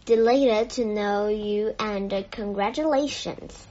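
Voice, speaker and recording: A woman voicing a pompous, booming male store manager in a storybook reading. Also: slow, dark tone. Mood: delighted. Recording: dull lo-fi, faint music behind.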